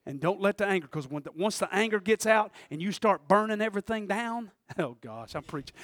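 A man with a notably high voice preaches a fiery church sermon, bursting into shouts and then dropping to quiet, chatty asides with a laugh. The sound is dry and close. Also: lively intonation, a little fast, few pauses, dry recording. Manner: passionate preaching, swings from shouting to quiet talk; laughs between points, conversational asides. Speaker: pastor. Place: church service.

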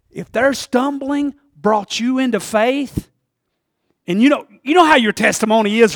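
A man preaching a sermon, joking and laughing at himself, then building up to shouted climaxes. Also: very high voice, moderate pace, dry recording, clean studio sound. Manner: jokey, self-deprecating, builds to shouting. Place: church.

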